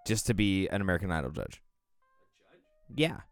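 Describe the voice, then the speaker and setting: A man's voice: low-pitched, big pitch swings, moderate pace, clear, resonant tone, no room sound, faint music behind. A man co-hosting a podcast, chatting casually and skeptically with offhand swearing. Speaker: podcast co-host. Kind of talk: casual crude banter.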